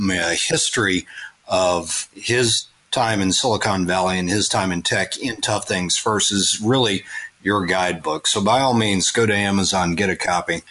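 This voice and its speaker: A man's voice: sits low, sharp tone, slightly rough, low-quality recording. A man from Florida hosting an interview, asking conversational, leading questions. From Melbourne, Florida. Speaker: podcast host.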